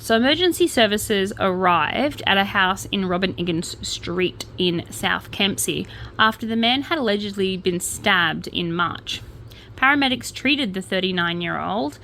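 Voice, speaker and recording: A woman's voice: medium pitch, bright, forceful tone. Australian woman, casual news-reading vlogger, wry and chatty, faint hum behind. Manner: chatty, wry asides and self-corrections.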